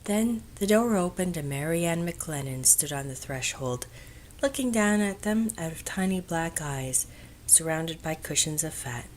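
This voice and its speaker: Female audiobook narrator, lower register, calm measured delivery, soft hushed moments. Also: a little hiss or hum.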